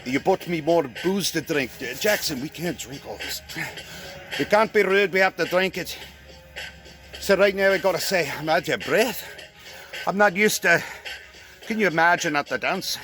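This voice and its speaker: A man's voice: sits high, moderate pace, over music. A man vlogging at an outdoor market bar, rambling and making fun of himself as he talks. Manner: rambling, self-mocking, jokey. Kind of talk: joking travel vlog to camera. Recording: loud live band over the voice. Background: live band playing.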